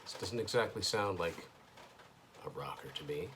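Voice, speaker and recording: A man's voice: deep voice, lively intonation, normal speed, a bit bright, slight background noise. A man hosting his own show, casually thinking aloud through a first listen of an album, hesitant and with dry asides, at home indoors. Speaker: host.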